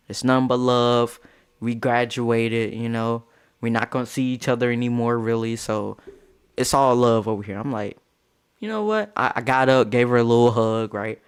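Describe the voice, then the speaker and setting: A young man casually telling a story, animated and profane, jumping into squeaky high outbursts. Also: smooth.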